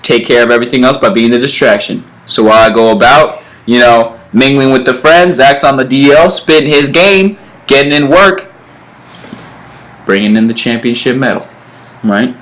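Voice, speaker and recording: A young man hosts a casual comedy vlog giving dating advice, explaining the rules in loose, laid-back, filler-heavy bro talk and acting out little scenes. His voice is medium-pitched and fairly bright at normal speed, on a low-quality recording.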